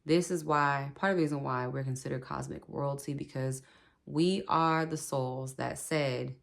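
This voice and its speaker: Woman host, low voice, relaxed chatty spiritual pep talk to her viewers. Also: normal speed, creaky. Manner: chatty, laughs often, repeats "okay", speaks to viewers directly. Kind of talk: casual spoken advice.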